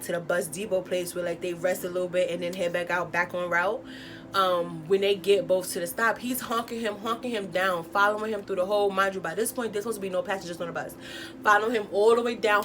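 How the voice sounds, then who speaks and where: Animated young woman telling a story. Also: medium pitch, brisk, noisy background. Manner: animated, slangy, acts out quotes with loud exclamations. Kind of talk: casual storytime vlog.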